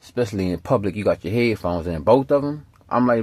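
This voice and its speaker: A man talking straight to camera, profane and emphatic in rambling street slang. His voice sits fairly low. The recording is dry and close, with no room sound. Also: animated, fast talker, hardly any pauses, a little mellow, dry recording. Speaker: vlogger. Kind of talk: rambling casual storytelling.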